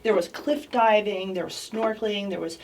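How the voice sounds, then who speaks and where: A woman in her forties, co-hosting a casual chat and telling a lively personal story. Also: medium pitch, normal speed, distant mic, a little hiss or hum, rough recording. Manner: chatty storyteller, animated with laughter. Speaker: co-host. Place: office studio, indoors.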